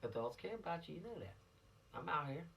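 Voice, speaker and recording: A woman's voice: deep voice, very animated, a little fast, vocal fry, a bit bright, far from the mic, a little hiss or hum. A woman, a police officer giving teens an informal law lesson in a folksy, admonishing, preachy way.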